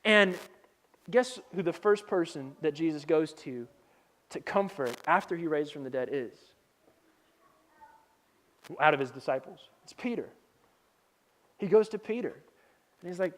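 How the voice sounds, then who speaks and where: A man's voice: on the high side, lively intonation, normal speed, pauses often, a little hiss or hum. A male pastor giving a sermon, telling stories in a casual, humorous way with slang.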